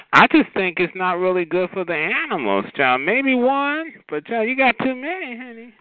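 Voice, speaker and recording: A man with a voice on the high side hosts a call-in show, recorded without echo on a tinny phone line. In a sassy drawl, he comically roasts a caller, tossing in "child" and "honey" between each jab.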